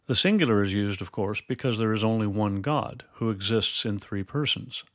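A man teaching Bible doctrine in a measured, explanatory way, quoting scripture formally. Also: lowish voice, fairly bright tone, no echo, clean studio sound. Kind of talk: scripted theological dialogue.

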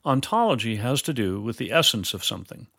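A man teaching Bible doctrine in a measured, explanatory way, quoting scripture formally. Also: medium pitch, sing-song, creaky, bright, forceful tone, slightly rough, no room sound, clean studio sound. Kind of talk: scripted theological dialogue.

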